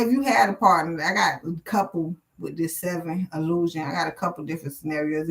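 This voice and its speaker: A woman's voice: fairly low pitch, a bit bright, low-quality recording. A woman giving a live tarot reading in a blunt, profane, preachy way. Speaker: tarot reader.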